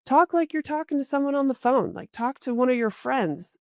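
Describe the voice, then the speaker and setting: A woman career coach hosting a podcast, giving casual advice in a chatty way with many fillers and sudden jumps in pitch and volume. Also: brisk, no echo, studio quality. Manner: animated, with big jumps in pitch and loudness; acts out short quoted exchanges.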